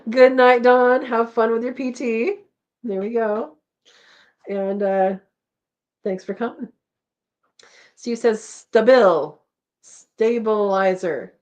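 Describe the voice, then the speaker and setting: A woman's voice: fairly high pitch, slow, long pauses, a little mellow, highs cut off. A woman hosting a homesteading live chat, casually reading viewer comments aloud and rambling with frequent laughs.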